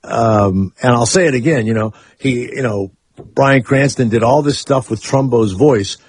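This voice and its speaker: A man's voice: mid-range voice, moderate pace, a little mellow, breathy edge, dry recording. A man hosting a radio talk show, rambling and opinionated in casual chat. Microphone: studio microphone.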